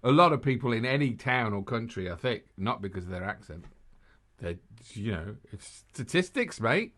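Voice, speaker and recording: A man's voice: mid-range voice, expressive, moderate pace, a bit bright. A man co-hosting a casual podcast, rambling and laughing at his own jokes as he chats with a friend. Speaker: podcast co-host. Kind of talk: casual chat.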